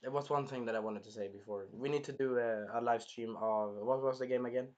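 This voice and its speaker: A young man reviewing an anime episode in casual, animated chat, swearing freely as he talks. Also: medium pitch, fairly quick, dull audio. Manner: animated, swears, acts out scenes in funny voices.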